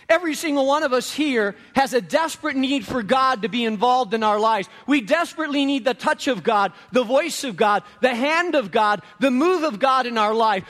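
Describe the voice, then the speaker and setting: A man's voice: very high voice, a bit bright. A male pastor preaching a sermon to a congregation, emphatic and repetitive, telling stories. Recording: long reverb of a large room.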